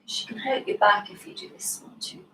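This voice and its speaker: A woman from the United Kingdom teaching a guided yoga class, encouraging her students, laughing often and cueing breaths softly. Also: brisk, recorded from a distance, a little hiss or hum. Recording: roomy sound from away from the mic.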